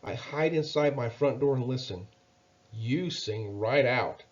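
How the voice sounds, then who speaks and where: A man voicing a small, timid but cheerful male mouse who squeaks and stammers kindly. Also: a little slow, muffled recording, lightly acted. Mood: encouraging.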